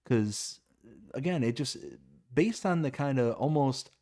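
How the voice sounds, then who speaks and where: Guy hosting a live interview stream, medium voice, talks a lot and gets excited. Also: medium pitch, a little slow. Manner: enthusiastic, wordy, reads viewer questions. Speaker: livestream interview host. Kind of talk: livestream interview.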